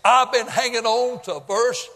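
A male pastor preaching a sermon in a folksy storytelling way, building up to shouts at the high points. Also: fairly even intonation, moderate pace. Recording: long hall reverb.

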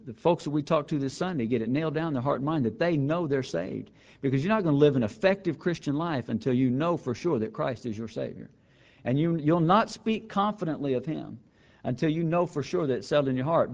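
A man teaching a Bible lesson in a sermon style, earnest and emphatic, repeating key phrases and slowing down for quoted verses. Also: a little high, a little mellow. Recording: slightly dull lo-fi recording.

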